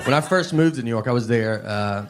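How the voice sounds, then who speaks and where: A middle-aged man from Tennessee, telling rambling deadpan stories in a stand-up comedy set. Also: mid-range voice, a little fast, crowd noise, noisy background. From Tennessee, USA. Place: comedy stage with live audience. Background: audience laughter.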